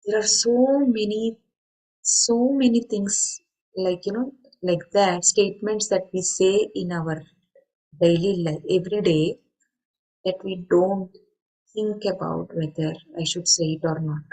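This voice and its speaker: A woman's voice: mid-range voice, measured pace, dark tone, poor audio. A middle-aged woman giving an earnest spoken talk on mindfulness, explaining with everyday examples and rhetorical questions. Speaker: meditation speaker. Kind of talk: spoken talk to an online group.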